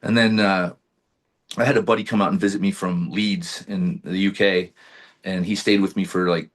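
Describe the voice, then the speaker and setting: A low-voiced man speaking at a moderate pace tells a personal story as a podcast guest in casual conversation. He's animated, swears freely, and acts out the things he said in the past.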